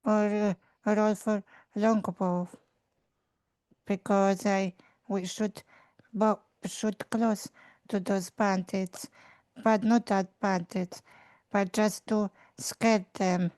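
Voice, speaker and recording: Brief: woman player, slow and halting, flat, smooth voice, dry sound. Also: mid-range voice, no echo. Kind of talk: casual chat.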